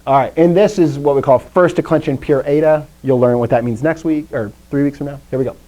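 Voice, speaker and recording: A man's voice: fairly high pitch, fairly quick, mellow, poor audio. Upbeat joking male Greek teacher. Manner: upbeat, joking, self-deprecating, drills vocabulary aloud. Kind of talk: classroom lesson with call-and-response drills.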